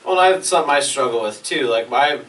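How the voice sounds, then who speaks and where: A man's voice: mid-range voice, lively intonation, a little fast, fairly bright tone. A man co-hosting a casual podcast, speaking reflectively and earnestly, with some swearing. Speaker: podcast co-host. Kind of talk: casual chat. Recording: distant mic, faint hiss.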